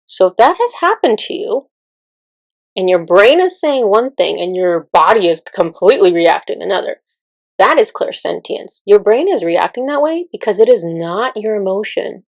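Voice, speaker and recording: A woman in casual spiritual teaching talk, chatty and quick to laugh, with many fillers. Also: mid-range voice, animated, no room sound.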